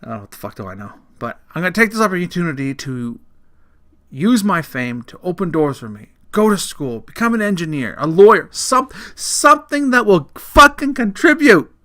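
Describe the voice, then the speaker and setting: A man's voice: a little high, very animated, brisk. A middle-aged man hosting a solo comedic rant podcast, blunt and profane, laughing at his own jokes. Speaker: podcast host.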